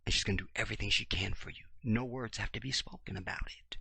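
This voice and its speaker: Animated storytelling man with a bright, dry voice. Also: on the low side, fast, creaky, hardly any pauses, husky, no room sound. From Chicago, USA. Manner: animated storyteller, acts out dialogue, swings loud and soft. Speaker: video blogger. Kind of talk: casual monologue to camera.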